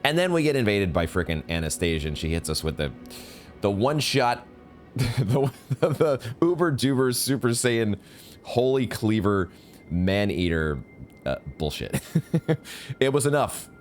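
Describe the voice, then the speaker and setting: A man's voice: lowish voice, very animated, unhurried. A man giving live commentary on a video game he is playing, exasperated, swearing and restarting his sentences, with game music behind him. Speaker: gaming streamer.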